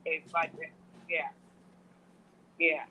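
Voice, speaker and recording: A woman's voice: deep voice, level tone, slow, sharp tone. A woman joining a casual book discussion by call. She speaks hesitantly and often restarts her thoughts. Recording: tinny phone line with faint noise.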